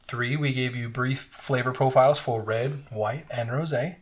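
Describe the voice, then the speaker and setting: Give me a young man co-hosting a loose, boozy podcast. He explains things like a playful lecturer and trades swearing banter with his friends, and his voice sits at an everyday pitch for a man. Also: steady tone, normal speed. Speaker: podcast co-host. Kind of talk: casual chat.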